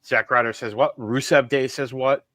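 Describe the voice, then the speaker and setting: A man's voice: medium pitch, fairly even intonation, normal speed, fairly bright tone, no echo. A man with a New York accent, a guest on a podcast, sharing blunt, profane opinions. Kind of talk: casual podcast chat.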